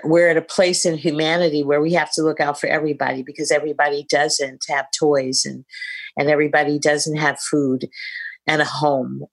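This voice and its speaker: A woman's voice: low voice, a bit bright. A middle-aged woman hosting a podcast, talking in an effusive, reflective way. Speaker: podcast host. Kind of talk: casual podcast chat.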